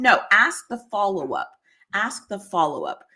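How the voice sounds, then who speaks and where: A woman's voice: medium pitch, huge pitch swings, normal speed, sharp tone. A woman hosting a casual livestream, chatting freely, often laughing and answering comments from the chat. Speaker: livestream host.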